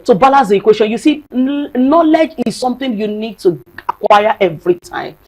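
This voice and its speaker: A woman's voice: a little high, expressive, fairly quick, low-quality recording. A woman, a psychologist and marriage counselor speaking as a guest on a studio talk show, earnest and emphatic, repeating phrases for stress.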